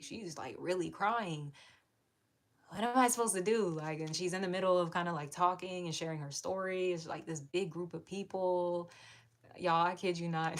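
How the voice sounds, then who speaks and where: A woman's voice: on the low side, a bit bright. A woman giving a casual tarot reading, candid and chatty, who swears freely and laughs often. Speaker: tarot reader. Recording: audible background noise.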